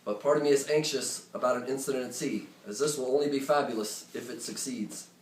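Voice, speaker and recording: Male storyteller, conversational and animated, on stage. Recorded distant and echoey. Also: medium pitch, fairly quick, a little hiss or hum. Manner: conversational, animated, joking asides. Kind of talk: live personal storytelling to an audience. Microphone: phone or camera recording from the room. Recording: roomy, distant, faint ambience.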